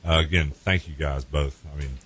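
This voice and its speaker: A man hosting a radio show, with easygoing, halting patter in the studio. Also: rumbling low, fairly even intonation, a bit bright, slightly rough. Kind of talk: casual radio interview.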